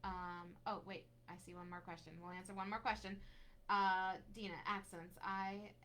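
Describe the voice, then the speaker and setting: Bright-voiced woman hosting a live Q&A. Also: medium pitch, little pitch movement, moderate pace, slight background noise. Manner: upbeat, reads viewer questions aloud. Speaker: casting director co-host. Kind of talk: casual live Q&A chat.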